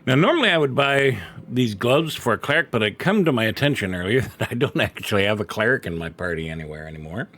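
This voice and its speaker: A man's voice: on the low side, expressive, fast talker, a bit bright. A middle-aged man streaming a video game, chatty and self-deprecating as he talks into a desk microphone at home. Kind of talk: casual live-stream commentary.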